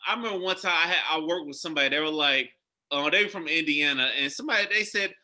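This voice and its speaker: A man from Florida hosting a podcast, relaxed and casual, often tagging on "you know what I'm saying". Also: on the high side, quick pace. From Florida, USA. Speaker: podcast host.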